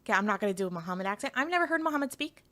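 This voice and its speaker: Giggling and rambling on a live stream, a woman at a middle pitch for her gender speaks in a rapid-fire, pushed, bright voice. Her intonation is lively, and her casual talk is packed with fillers and restarts.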